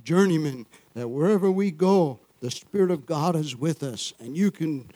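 Male pastor, sermon delivery, slightly high pitch, dry close sound, conversational asides. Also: animated, normal speed, mellow, dry recording. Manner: call-and-response, frequent "Amen?" and chuckles.

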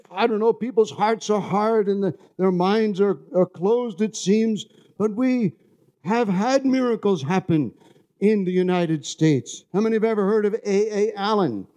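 A man from New York City preaches a sermon in a high but mellow voice. He talks in a loose, conversational way and keeps asking his listeners for an amen. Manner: conversational, asks the congregation "amen?".

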